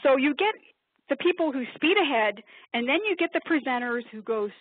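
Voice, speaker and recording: A woman from upstate New York presenting a webinar, talking quickly in a chatty, self-deprecating way. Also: sits high, lively intonation. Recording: tinny phone-like webinar audio.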